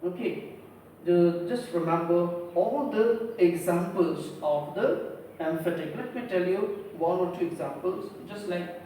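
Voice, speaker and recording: A woman teacher with a lowish, dark voice and a slightly slow pace leads a class through a grammar lesson, repeatedly saying "okay" and asking questions she then answers herself. It's recorded from a distance in a very echoey room with a faint hum.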